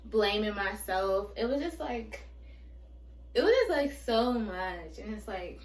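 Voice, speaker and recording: A woman's voice: medium pitch, very animated, slow pace, echoey room, far from the mic, poor audio. A woman in her twenties telling a personal story in a candid, rambling way, with many fillers and restarts. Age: 20s. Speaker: vlogger.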